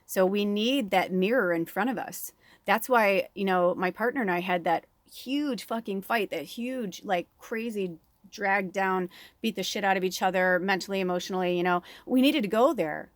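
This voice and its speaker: A woman's voice: mid-range voice, normal speed, dry recording. Woman, middle-aged, rambling chat, candid and swearing, dry close recording. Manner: candid, swears freely, laughs often, animated. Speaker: spiritual medium and oracle reader.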